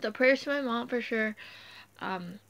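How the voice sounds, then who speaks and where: A woman's voice: fairly high pitch, measured pace, fairly bright tone, rough recording. A woman speaking off the cuff about her family and her past, rambling with restarts and fillers, emotional and close to tears in places. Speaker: speaker sharing a personal story. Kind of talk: unscripted personal talk.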